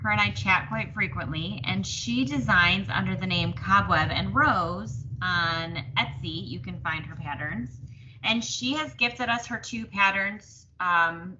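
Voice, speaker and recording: A woman speaks in a mid-range voice, a little slowly and with a sharp tone, over slight background noise. As a podcast co-host in a casual stitching chat she's talkative, self-deprecating and laughs often, with slightly dull lo-fi sound.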